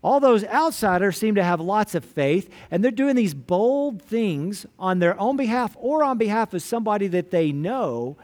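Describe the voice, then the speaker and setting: A man's voice: high voice, expressive, normal speed, hardly any pauses, darkish tone. A man pastor giving a sermon, retelling scripture in casual, everyday storytelling words.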